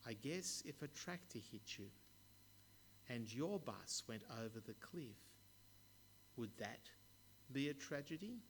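A man voicing a quiet, unsure little boy at the back of a classroom. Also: medium pitch, very animated, slow pace, long pauses, big-room sound, a little hiss or hum.

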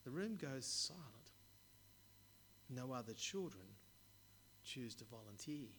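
Slow-speaking preacher. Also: male voice, a little high, fairly bright tone, slight background noise. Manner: measured storytelling, occasional stumbles. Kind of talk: sermon with storytelling.

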